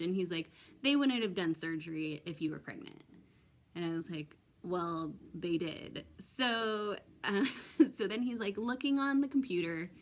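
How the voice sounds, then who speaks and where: A young woman telling a personal story in a vlog, hesitant and full of ums, emotional and close to tears. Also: fairly low pitch. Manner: hesitant, many ums and restarts. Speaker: vlogger.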